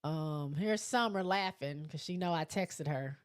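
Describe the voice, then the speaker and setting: A woman with a low-pitched voice hosts a live stream, answering viewer comments in a relaxed, chatty way. A frog in her throat keeps her clearing it between thoughts. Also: unhurried. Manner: chatty, reacts to each comment. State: throat irritation, clears throat often. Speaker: live show host reading viewer comments. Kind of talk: casual live-stream chat.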